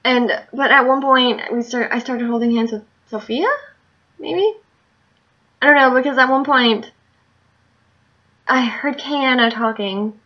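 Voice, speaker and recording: A woman's voice: a little high, unhurried, pauses often. Tired woman just rambling on in her diary vlog, kinda muffled lo-fi audio. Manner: rambling, candid storytelling. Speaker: video diarist. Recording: muffled lo-fi recording.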